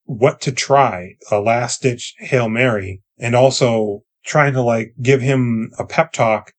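A man's voice: mid-range voice, takes it slowly. A man co-hosting a podcast, recapping a movie in casual profane chat and acting out the characters' lines. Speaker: podcast co-host.

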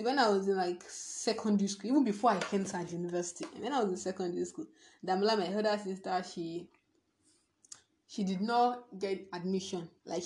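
A woman's voice: medium pitch, a little mellow. A young woman, hosting a casual solo podcast, rambling, giggling and restarting as she talks. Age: young adult. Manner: rambling and giggly, restarts often, hums and sings to herself. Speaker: podcast host.

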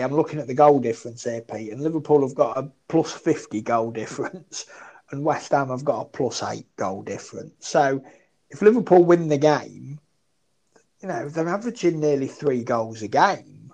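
A man talking through football bets in a relaxed podcast chat. He thinks aloud, circles back on his points and makes fun of his own earlier tips. His voice sits at an average pitch. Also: moderate pace, poor audio. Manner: chatty, self-deprecating, thinks aloud. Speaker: football betting tipster. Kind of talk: casual betting podcast chat.

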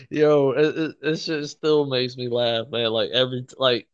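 A man in casual chat about wrestling, excitable, laughing often and swearing freely. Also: mid-range voice, slow, clean tone, no echo, muffled recording.

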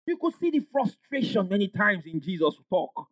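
A man preaching a sermon as pastor, emphatic, rising into shouts and call-and-response with the congregation. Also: extremely high pitch, sing-song, moderate pace, hardly any pauses, dry recording.

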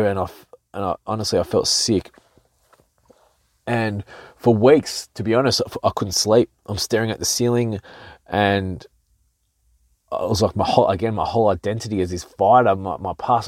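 A man hosting a podcast, telling a personal story in a casual, animated way, often restarting his sentences. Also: lowish voice, normal speed, long pauses, no room sound, studio quality. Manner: animated, with frequent restarts and self-quoting. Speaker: podcast host.

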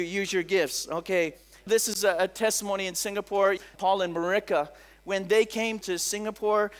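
A middle-aged man preaching a sermon as a pastor, telling stories in an animated way, often saying "come on" and acting out the voices of people he quotes. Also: high-pitched, smooth. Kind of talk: sermon with storytelling.

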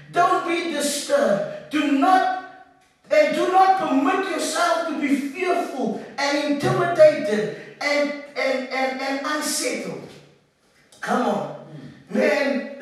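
A woman preaching a fervent sermon, repeating her phrases and often saying "man". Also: high-pitched. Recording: very echoey, from far off.

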